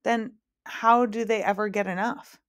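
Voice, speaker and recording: A woman's voice: medium pitch, fairly even intonation, unhurried, dry recording, clean studio sound, pitched above the performer's own voice, natural voice. A woman reading aloud and voicing a hungry, earnest young boy in a children's storybook. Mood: wondering.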